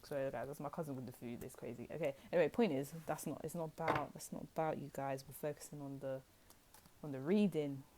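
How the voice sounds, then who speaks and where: Young female tarot reader, deep-pitched, loose and rambling, direct to camera. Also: fairly even intonation, fast talker, background noise. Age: young adult. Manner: chatty, rambling, addresses viewers as guys. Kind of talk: casual tarot reading to camera.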